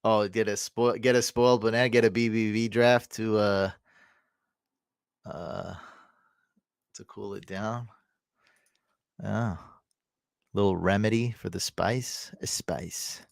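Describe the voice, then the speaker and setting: A man's voice: lowish voice, gravelly, clear, resonant tone, dry recording, studio quality. Hyped fantasy football streamer man. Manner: excitable, hyped, bursts into loud cheering; answers chat comments quickly. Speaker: fantasy football livestream host. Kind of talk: casual live-stream commentary.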